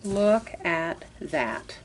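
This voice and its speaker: A woman whose voice sits on the low side talks very slowly but is very animated, with heavy background noise in the clip. She's chatting her way through a casual step-by-step craft tutorial, talking to herself as she works, and she says "y'all."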